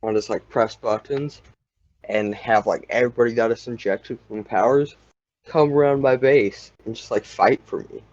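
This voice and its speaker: A man's voice: mid-range voice, normal speed, darkish tone. A young man in casual chat, rambling and saying "like" constantly. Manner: rambling, heavy use of "like". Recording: dull lo-fi sound.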